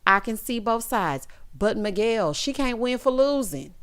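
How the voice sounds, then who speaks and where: A woman's voice: fairly high pitch, unhurried, clear, resonant tone. A woman giving a sassy, casual recap of a reality show, mimicking the cast as she goes. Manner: sassy, animated, quotes cast members in mock voices.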